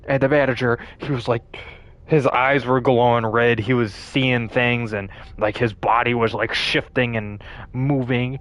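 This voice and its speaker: Young man rambling through a story. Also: mid-range voice. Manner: rambling, lots of fillers and swearing, animated. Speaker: gaming streamer. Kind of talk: casual storytelling while gaming.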